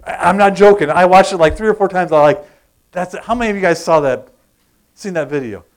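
A man preaching a sermon, animated, asking the congregation questions and acting out sounds. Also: high-pitched, a little fast. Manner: animated, acts out groans and crowd sounds, asks the congregation questions. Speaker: pastor.

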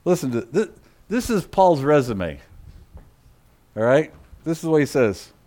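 A man's voice: on the high side, sing-song, measured pace. A man preaching a sermon, building emphatic repeated lists and dropping into muttered asides to the congregation. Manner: emphatic and repetitive, swinging between loud preaching and muttered asides. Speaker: pastor.

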